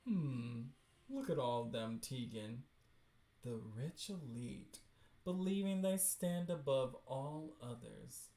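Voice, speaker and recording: A man's voice: medium pitch, expressive, slow pace, dark tone. A man reading as a scornful, sneering villain. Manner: mocking, theatrical. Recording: roomy echo.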